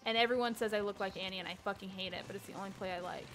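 A woman's voice: mid-range voice, steady tone, very fast, loud music behind the voice. A woman hosting a charity game stream, chatting casually, swearing freely and reading out donations. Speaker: stream host. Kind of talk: casual chat while gaming.

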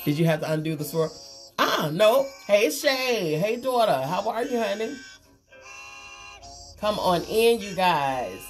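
A woman, hosting a casual makeup livestream and chatting warmly with viewers. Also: medium pitch, very animated, measured pace, pauses often. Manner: chatty, reads viewer comments aloud, calls them girl and honey. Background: faint Christmas music.

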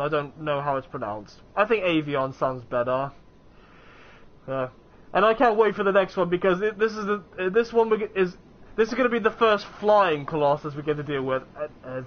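A man's voice: high-pitched, muffled recording. A young man casually commenting while playing a video game, chatty and rambling, often restarting his sentences. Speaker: let's play gamer.

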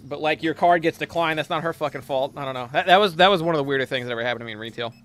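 A man's voice: fairly high pitch, very fast, a bit bright, faint music behind. A young man streaming a game, chatting casually and telling a profane story while reading chat.

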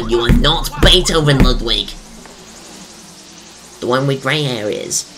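An excitable let's-play gamer talks through a platform game in an unhurried way, the pitch leaping all over the place. Exclamations and giggles break into rambling, jokey asides. Faint game music sits behind the voice. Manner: excitable, exclaims and laughs often. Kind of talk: casual gameplay commentary.

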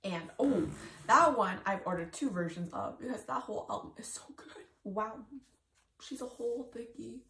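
A young woman vlogger chatting casually and excitably through an unboxing, laughing and gasping often. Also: fairly high pitch, moderate pace, roomy sound, distant mic.

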